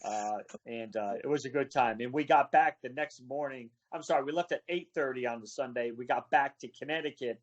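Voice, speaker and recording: Animated storytelling man on a video call. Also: mid-range voice, fairly quick, hardly any pauses, dull audio. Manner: animated storyteller acting out quoted voices. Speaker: wrestling referee, guest.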